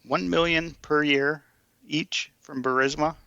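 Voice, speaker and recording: A man's voice: fairly high pitch, fairly even intonation, a little slow, vocal fry, sharp tone, clear, resonant tone, dry recording, muffled recording. A man co-hosting a podcast in casual chat, running through news details and checking in with "right?". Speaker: podcast co-host.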